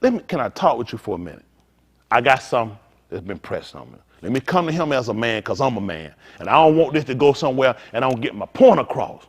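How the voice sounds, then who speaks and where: A man preaching informally to a congregation, animated and conversational, acting out little dialogues as he goes. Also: mid-range voice, fast, slightly rough. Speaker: pastor.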